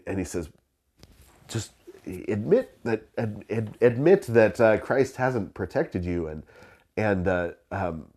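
A man with a very low voice tells a story from the pulpit in a loose, conversational way. He stumbles over restarts and fillers, and he chuckles as the story unfolds. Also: a little mellow. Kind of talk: sermon storytelling.

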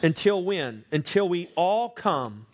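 High-voiced emphatic male preacher. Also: big pitch swings. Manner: emphatic, asks the congregation questions; slows down and stresses key words. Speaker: pastor. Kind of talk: sermon.

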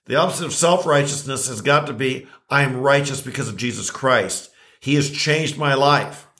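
Bright-voiced older man, self-deprecating. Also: mid-range voice, moderate pace. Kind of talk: casual conversation.

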